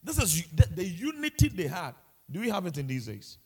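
A man's voice: sits high, very animated, fairly quick, husky. A man preaching a sermon with passion, repeating himself and asking the congregation rhetorical questions. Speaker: pastor.

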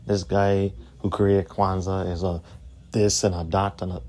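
A man's voice: low-pitched, flat delivery, unhurried, a little mellow. A man hosting his own podcast, ranting in a combative, profane way and repeating his points. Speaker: podcast host.

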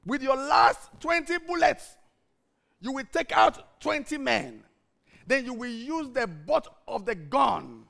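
Booming, gravelly-voiced preacher man. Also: sing-song, slow. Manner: emphatic preaching with repeated refrains, swinging between shouts and hushed tones. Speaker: pastor. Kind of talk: sermon.

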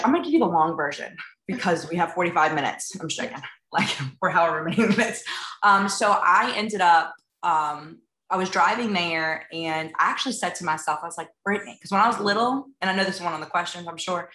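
A woman's voice: fairly low pitch, expressive, fast, bright, forceful tone, reverberant, rough recording. A woman realtor chatting casually in an interview, acting out little bits of dialogue and filling her talk with "like" and "um". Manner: chatty, acts out dialogue, many fillers like "like" and "um". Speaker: realtor and TV show guest.

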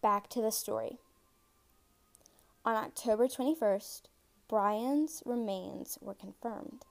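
A podcast host runs a casual true-crime show, chatty and excitable, addressing her listeners directly. Her voice is on the high side and slow, and she stumbles over words now and then while reading.

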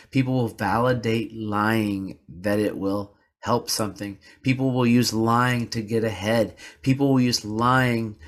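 A man's fairly low, slightly bright voice carries a reflective podcast monologue. As host, he recounts a personal story with earnest, confessional sincerity, repeating words to stress his points.

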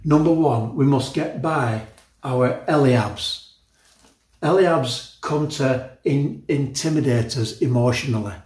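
Emphatic older pastor in echoey church. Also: male voice, mid-range voice, takes it slowly, a little mellow. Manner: emphatic, repeats words and restarts, chatty asides. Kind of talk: sermon.

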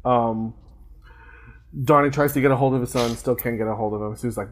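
A man's voice: mid-range voice, fairly even intonation, brisk, pauses often. A man co-hosting a podcast, casually recapping a film plot with lots of fillers and restarts. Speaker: podcast co-host.

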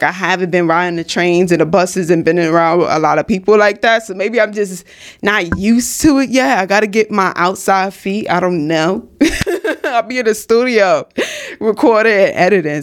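A woman's voice: medium pitch, normal speed. A young woman, casually telling a storytime in a slangy, emphatic way from her home studio. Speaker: vlogger.

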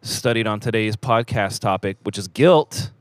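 A young man hosting a church podcast, chatting casually with an energetic, playful manner. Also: lowish voice, moderate pace, dry recording. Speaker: podcast host. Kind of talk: casual chat. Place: church theater.

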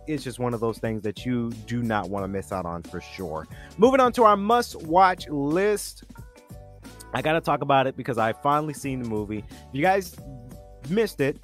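A man co-hosting a casual podcast, reviewing food and movies in an enthusiastic, rambling way. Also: medium pitch. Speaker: podcast co-host.

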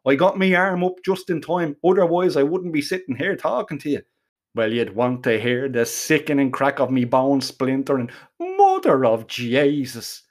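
A man's voice: medium pitch, normal speed. Foul-mouthed Irish man telling a story. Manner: foul-mouthed, rambling, colourful slang. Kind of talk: first-person comic storytelling.

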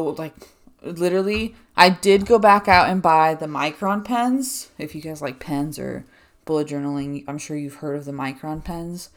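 A young woman hosting a casual solo podcast, rambling and chatty with lots of "like" fillers, a little out of breath. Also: deep voice. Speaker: podcast host.

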